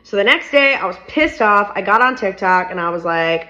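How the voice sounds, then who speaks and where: A woman's voice: medium pitch, lively intonation, moderate pace, sharp tone. A young woman speaks frankly and upbeat, in a casual storytime to camera. Her voice sits in a middle range, and the audio is a little dull and muffled. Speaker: startup founder.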